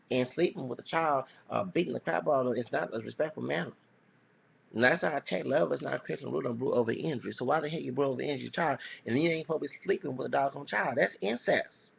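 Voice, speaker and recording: A man's voice: medium pitch, vocal fry. A man giving a heated reaction rant as a YouTuber, cussing and repeating himself, then apologizing for his swearing. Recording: dull lo-fi recording.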